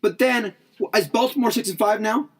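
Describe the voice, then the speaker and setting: A man's voice: sits high, moderate pace, breathy edge. A man co-hosting a sports podcast, arguing his side in an easygoing, teasing way. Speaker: podcast co-host. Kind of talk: casual sports debate.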